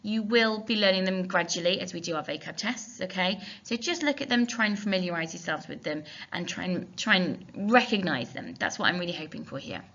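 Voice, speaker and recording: Gravelly, bright-voiced woman teacher. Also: lowish voice, animated, fairly quick, few pauses. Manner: explains step by step, spells words out, thinks aloud. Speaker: German teacher. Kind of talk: recorded lesson walkthrough. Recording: dull lo-fi recording.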